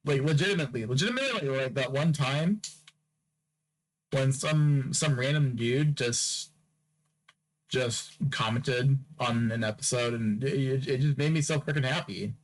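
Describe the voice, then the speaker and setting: A man's voice: mid-range voice, moderate pace, rough recording. A man hosting a podcast, rambling through a casual solo sign-off, joking with and teasing his listeners and repeating phrases over and over. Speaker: podcast host.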